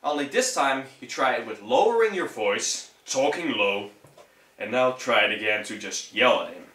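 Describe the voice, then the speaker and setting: A young man with a Dutch accent talks through a casual how-to in loose, swearing, easygoing English. His voice is bright and forward, though he sits back from the mic in an echoey room. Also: medium pitch, animated, moderate pace, far from the mic. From Netherlands. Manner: rambling, profane, laid-back. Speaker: vocal tutorial vlogger.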